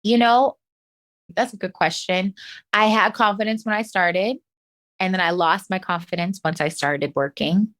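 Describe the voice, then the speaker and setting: A woman, a professional dancer, talking as a guest in a casual interview, animated, laughing often and acting out what people said to her. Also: medium pitch, normal speed. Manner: animated, laughs often, acts out quoted voices.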